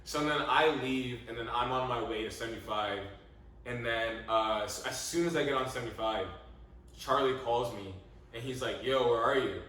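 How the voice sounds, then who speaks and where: A young man co-hosting a podcast, telling a story in a lively, laughing way, swearing freely and acting out his own lines. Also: mid-range voice, moderate pace. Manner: animated, laughing, swears freely, quotes himself. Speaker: podcast co-host. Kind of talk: casual storytelling chat. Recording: echoey room, mic at a distance.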